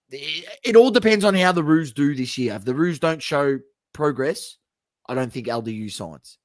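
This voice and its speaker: An Australian man co-hosting a sports podcast, rambling through anecdotes in casual chat and getting excitable. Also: medium pitch, no echo.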